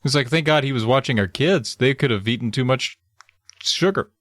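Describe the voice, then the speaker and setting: A man's voice: medium pitch, normal speed, a bit bright. A man co-hosting a podcast, chiming in with dry, agreeable remarks in casual chat. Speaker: podcast co-host.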